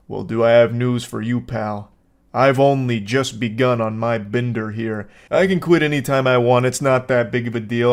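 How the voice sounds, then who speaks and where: A man hosting a commentary video, reading out text messages and reacting to them with dry, sarcastic humor. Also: medium pitch. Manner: deadpan, sarcastic, laughs at what he reads. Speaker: commentary host.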